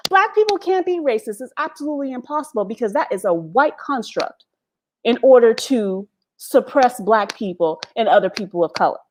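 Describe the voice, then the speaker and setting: A little high in pitch, her very animated speech moves briskly, with slight background noise in the mix. She's a United States vlogger hosting a live stream, candidly ranting with plenty of profanity and frequent laughter, unscripted. It's recorded at home on a laptop's built-in mic.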